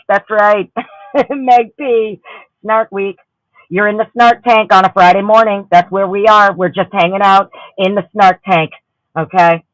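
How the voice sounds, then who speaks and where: A woman's voice: mid-range voice, no echo, rough recording. Woman host crashing out on a live stream, cussing a lot, dry close sound. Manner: heated, profane, ranting, greets chatters warmly. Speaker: livestream host. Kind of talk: profane ranting livestream chat.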